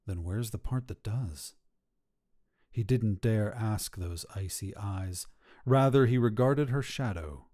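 A man narrating a dark fairy tale in a slow, hushed storybook telling. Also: on the low side, expressive.

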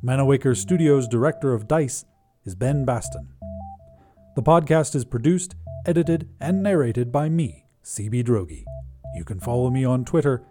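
Expressive male story narrator, mellow tone. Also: medium pitch, normal speed, faint music behind. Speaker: podcast host and narrator.

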